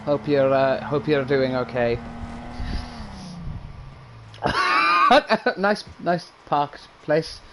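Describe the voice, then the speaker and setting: A British man co-hosts a casual gaming podcast, laughing a lot and swearing freely. His voice rises and falls widely as he talks. A steady noise sits under the recording. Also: on the high side, drawn-out words, pauses often. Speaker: podcast co-host.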